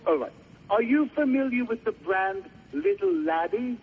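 A man playing a pompous old-fashioned gentleman caller. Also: extremely high pitch, very animated, normal speed, breathy edge, full character voice. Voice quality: affected, old-fashioned phrasing. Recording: muffled phone line with faint hiss.

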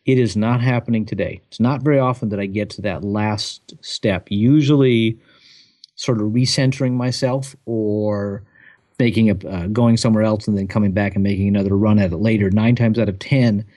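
Easygoing lower-voiced man, interview guest. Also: normal speed. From United States. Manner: relaxed, thoughtful, laughs easily, some restarts. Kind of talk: casual interview answers.

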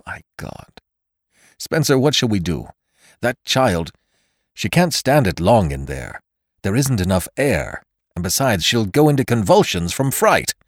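A proud old banker gone shaky with fear, as a narrator puts him on in a storybook reading. The voice drops low and groans, with a wide swing in pitch. Recorded close and dry. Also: male voice, very animated, unhurried, no room sound. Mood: distressed. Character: old small-town banker, proud and shaken.

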